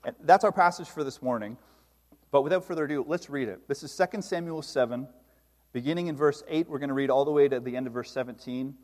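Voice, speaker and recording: A man's voice: mid-range voice, fast talker. Man preaching in a reverberant hall. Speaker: pastor. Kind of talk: sermon with scripture reading.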